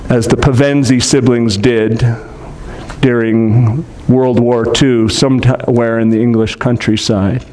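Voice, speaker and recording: A man reading a storybook aloud to children, adding gentle explanatory asides. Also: medium pitch.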